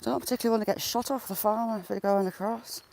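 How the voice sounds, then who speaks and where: A woman's voice: medium pitch, fairly even intonation, fast talker, vocal fry, darkish tone, slight background noise. A woman chatting to viewers as she walks along a river outdoors, laughing often and talking to herself, recorded on a handheld phone. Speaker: vlogger. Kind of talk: casual walking vlog, chatting to live viewers.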